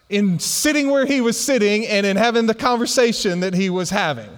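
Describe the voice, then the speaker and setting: A lively male pastor tells a story in the middle of a sermon, chuckling as he goes. His voice sits a little on the high side, and it rings with a long reverb, as in a big hall. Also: fairly quick, hardly any pauses. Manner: animated storyteller who laughs through his anecdotes.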